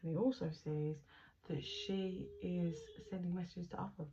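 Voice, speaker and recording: Chatty low-voiced woman reading tarot. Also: steady tone, moderate pace, dark tone. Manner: chatty, rambling, swears casually. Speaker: tarot reader. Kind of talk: casual tarot reading narration. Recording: dull lo-fi recording with faint background noise.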